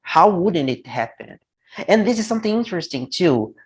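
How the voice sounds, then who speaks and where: A man's voice: sits high, moderate pace, husky, rough recording. Blunt Brazilian man with a Portuguese accent. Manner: blunt, opinionated, animated when making a point. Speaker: English teacher. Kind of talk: casual conversation.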